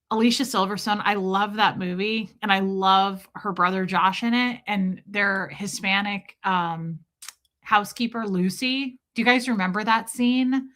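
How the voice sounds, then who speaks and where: Bright-voiced animated American woman. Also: medium pitch, measured pace. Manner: animated, emphatic, mock accents. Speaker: livestream host. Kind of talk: casual chat with viewers.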